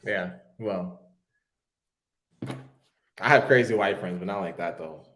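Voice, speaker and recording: A man co-hosting a casual podcast, reacting in an animated, incredulous way. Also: low-pitched, slow. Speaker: podcast co-host. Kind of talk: casual chat.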